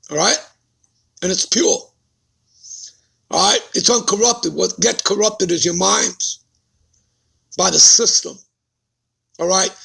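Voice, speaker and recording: A man's voice: high voice, creaky, sharp tone, husky. A man preaching a Bible-study sermon who keeps putting rhetorical questions to his listeners and checking in with them.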